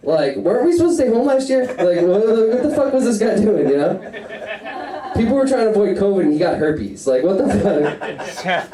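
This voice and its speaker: A male stand-up comic rambles through crude jokes and chuckles at his own punchlines. His voice is mellow and sits a little high for a man. The sound is roomy, as if caught from across the club. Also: big pitch swings, moderate pace. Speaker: stand-up comedian. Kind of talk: stand-up comedy set. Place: comedy stage before a live audience. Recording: roomy sound, mic at a distance.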